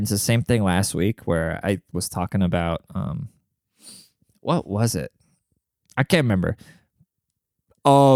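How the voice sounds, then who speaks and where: A young man reads advice posts aloud and riffs on them, crude and rambling, full of fillers. His voice is smooth and clear, recorded dry and close with no room around it. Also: on the low side, darkish tone, dry recording. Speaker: host reading and reacting to advice posts. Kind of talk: casual commentary.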